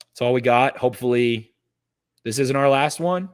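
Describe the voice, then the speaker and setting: A man's voice: medium pitch, moderate pace, clear, resonant tone. A man co-hosting a casual sports podcast, giving a fired-up, cursing pep talk. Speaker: podcast co-host.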